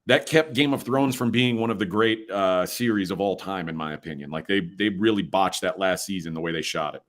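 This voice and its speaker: Low-voiced laid-back male co-host. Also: brisk. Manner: laid-back, agreeable short replies. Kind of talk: casual chat.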